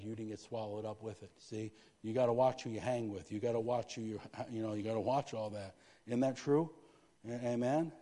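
Man, pastor, lively sermon, asks the congregation for amens, husky, long reverb. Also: medium pitch. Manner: lively preaching with call-and-response asides. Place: church sanctuary.

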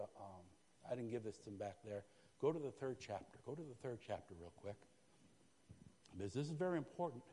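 A male pastor preaching a sermon with fervor, dropping to a hush and then rising to shouts, and calling out "Amen?" to his congregation. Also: mid-range voice, in a large hall, slight background noise. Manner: fervent, swinging from hushed to shouting. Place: church sanctuary.

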